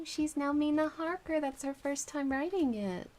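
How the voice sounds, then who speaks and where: A woman streamer reading a classic novel aloud, woozy from a headache, slipping between soft reading, whispers and chatty asides. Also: sits high, moderate pace, few pauses.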